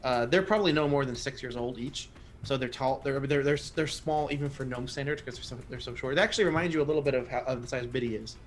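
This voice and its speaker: Acting as game master for a tabletop game, a man narrates at a quick pace in a medium-pitched voice. He rambles, full of fillers and restarts, with slight noise in the background.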